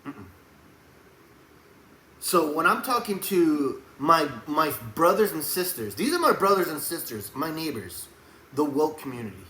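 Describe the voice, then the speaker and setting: A man delivering a rambling faith monologue to camera, preachy and emphatic, often breaking into loud raised outbursts. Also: on the high side, big pitch swings, a little slow. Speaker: Christian video blogger. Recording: echoey room with faint background hum.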